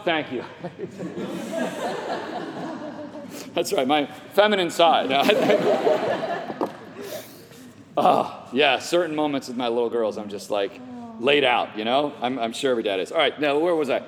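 A man's voice: mid-range voice, sing-song, slow pace, pauses often, background noise. A middle-aged male pastor preaching an emphatic sermon, full of rhetorical questions, with his voice sometimes catching with emotion. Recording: long hall reverb.

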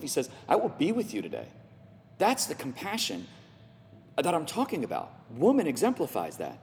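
A middle-aged male pastor preaching an emphatic sermon, full of rhetorical questions, with his voice sometimes catching with emotion. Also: fairly high pitch. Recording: long hall reverb.

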